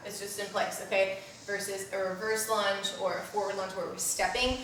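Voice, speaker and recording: A woman's voice: medium pitch, little pitch movement, normal speed, fairly bright tone, slight background noise. Breathless woman coaching a workout. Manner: coaching, cues breathing and reps, frequent "okay?". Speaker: postpartum fitness instructor. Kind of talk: live workout instruction. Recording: very echoey room, mic at a distance.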